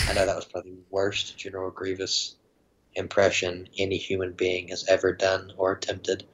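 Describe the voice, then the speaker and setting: Low-voiced man with a muffled sound. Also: monotone, fairly quick. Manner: rambling, laughs often, playful. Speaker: podcast guest. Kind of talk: casual chat. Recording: dull lo-fi sound.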